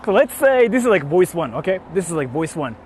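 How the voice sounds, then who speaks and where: Young guy streaming from his car, animated and swears a lot, faint road hum behind. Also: high voice, a little fast. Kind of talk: casual live-stream chat reading donations.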